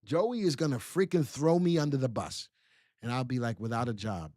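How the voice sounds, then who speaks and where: Middle-aged guy doing live stock picks, kinda high voice, dry close sound, pumped up and chatty w the viewers. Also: a little fast, dry recording. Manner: energetic, talks straight to viewers, coaching and teasing. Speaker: stock market strategist hosting a live show. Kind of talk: live stock analysis stream.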